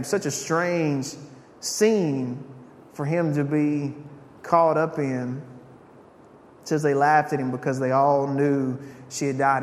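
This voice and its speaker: A man preaching a sermon in a conversational, storytelling way, with asides to the congregation. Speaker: pastor. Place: church sanctuary. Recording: echoey church hall, faint rumble.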